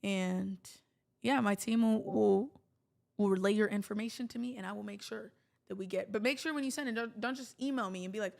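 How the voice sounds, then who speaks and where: A woman's voice: mid-range voice, brisk, vocal fry, darkish tone. A woman hosting a livestream, talking casually to her viewers in a chatty, rambling way with jokey asides. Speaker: livestream host.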